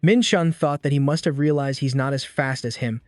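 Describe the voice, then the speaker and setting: A man reading a scripted story recap in a steady read-aloud way, barely changing his voice for the characters' lines. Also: medium pitch, normal speed, no echo, soft background music. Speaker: recap narrator.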